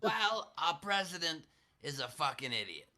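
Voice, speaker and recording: A man putting on an impression of an older public health official, giving dry, stern warnings in a deadpan voice. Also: a little high, moderate pace, heavily acted.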